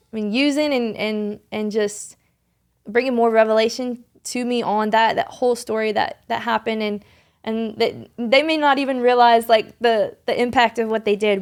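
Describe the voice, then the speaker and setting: A young woman guest on a podcast, earnestly telling a faith story in conversation, rambling with many restarts and fillers. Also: medium pitch. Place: podcast studio.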